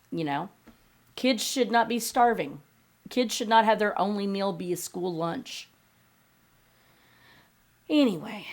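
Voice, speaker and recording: A woman's voice: lowish voice, creaky. A woman, hosting a podcast and ranting bluntly and sarcastically, with heavy swearing. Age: 50s. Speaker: podcast host. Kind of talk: angry opinion rant.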